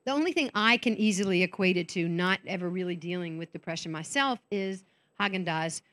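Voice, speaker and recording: A woman's voice: on the low side, fairly quick, a bit bright. A woman speaking at a women's conference. She tells candid, self-mocking stories and acts out the voices of the people she quotes. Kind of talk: conference talk.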